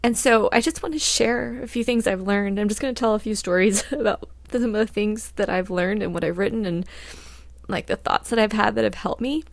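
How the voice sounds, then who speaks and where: A woman's voice: medium pitch, brisk, vocal fry, no echo. A woman hosting a podcast, talking candidly about her life with frequent laughs, fillers and restarts, and a little choked up. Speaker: podcast host. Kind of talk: casual personal talk.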